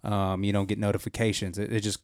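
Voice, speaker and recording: Young male co-host, relaxed and profane, dry close sound. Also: lowish voice, fast talker, no echo. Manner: laid-back, profane, jokey. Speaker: podcast co-host. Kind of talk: casual chat.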